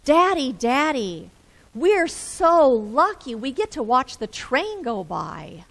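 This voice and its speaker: A sweet, childish little voice calls out in a story told in a sermon, with a woman putting it on. It is high and delivered slowly. It sounds sweet and childlike. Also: sing-song, a bit bright, exaggerated voice. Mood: delighted. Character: sweet small child, delighted.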